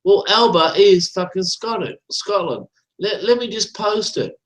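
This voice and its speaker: Male caller, slightly high voice, profane ranting talker. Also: expressive, unhurried, a bit bright, low-quality recording. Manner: ranting, profane, repeats "right?". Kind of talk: casual chat.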